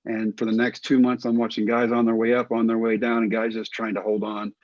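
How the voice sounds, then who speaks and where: A middle-aged man from Texas, a former baseball pitcher, telling stories in a casual interview and acting out the voices of other people. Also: a little fast, dry recording, muffled recording. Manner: animated, acts out quoted voices.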